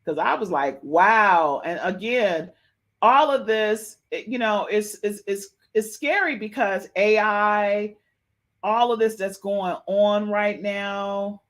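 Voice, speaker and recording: An excitable woman hosts a live podcast and speaks to her viewers in a slow, unhurried way. She circles back on her own words, repeating phrases as she reacts. Her pitch sits in a middle range. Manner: excitable, repeats herself, talks to chat. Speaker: podcast host. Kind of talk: livestream gossip commentary.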